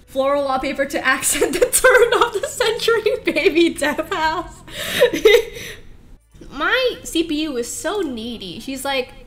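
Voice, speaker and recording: A woman's voice: high voice, big pitch swings, slow, a bit bright. A woman streaming a game, chatting casually in a rambling, giggly way and laughing often. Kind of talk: casual live-stream chat while playing.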